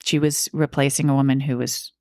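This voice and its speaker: A woman's voice: extremely low pitch, level tone, brisk, a little mellow, dry recording, clean studio sound. A woman co-hosting a podcast, telling a true-crime story in a casual, chatty way with asides. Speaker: podcast co-host.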